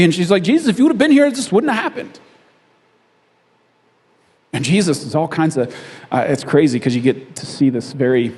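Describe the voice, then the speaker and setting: Telling his sermon like a story, this pastor keeps asking the congregation "right?" and chuckles along at his own remarks in an animated way. He has a high-pitched, husky voice.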